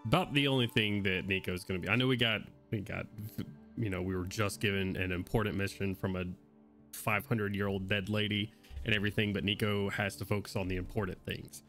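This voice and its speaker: A man's voice: on the low side, fairly even intonation, fairly quick, fairly bright tone, soft background music. A man playing a tabletop game, narrating his character's actions wryly. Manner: wry, casual. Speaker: player.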